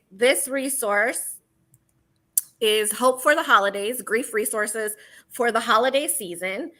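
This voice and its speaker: A woman hosting a talk show, guiding guests and viewers in a measured way with occasional fillers. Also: a little high, pushed and bright, low-quality recording. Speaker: host.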